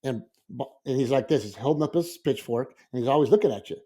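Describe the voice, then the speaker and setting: A man in casual podcast chat, a school librarian telling an animated story and acting out his own reactions. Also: mid-range voice, fast, slightly rough.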